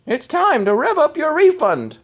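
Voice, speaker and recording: A man putting on an over-excited, hammy impression of a male car-repair show host. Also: moderate pace, full character voice. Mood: hyped. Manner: loud, high and hammy.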